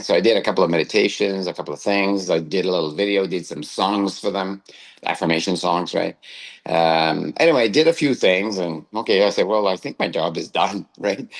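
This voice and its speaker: Male co-host, low voice, chatty storyteller, keeps checking in with "right?". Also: low-quality recording. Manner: anecdotal, tags phrases with "right?". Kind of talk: casual storytelling chat.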